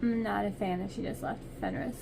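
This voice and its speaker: A woman's voice: mid-range voice, very animated, fairly quick, vocal fry, noisy background. A young woman in a casual reading reaction vlog, gushing and emotional, near tears as she talks. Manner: gushing and emotional, many exclamations. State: tearful. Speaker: book vlogger.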